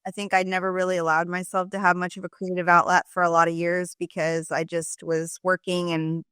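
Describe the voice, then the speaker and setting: A woman's voice: fairly low pitch, little pitch movement, a bit bright, smooth, no room sound, clean studio sound. Chatty middle-aged woman hosting a podcast. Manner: enthusiastic, chatty, quick asides. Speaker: podcast host. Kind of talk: casual interview chat.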